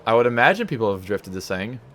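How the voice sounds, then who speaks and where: A man's voice: fairly low pitch, very animated, fast talker, a bit bright. A man giving casual, rambling, self-mocking commentary while playing a racing game from home. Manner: rambling, self-mocking, sings silly stutters. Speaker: let's play gamer.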